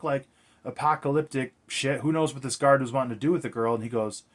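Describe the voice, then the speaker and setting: Talking fast in a medium-pitched voice, this movie reviewer walks through a film's plot casually and ramblingly, cursing freely and leaning hard on fillers.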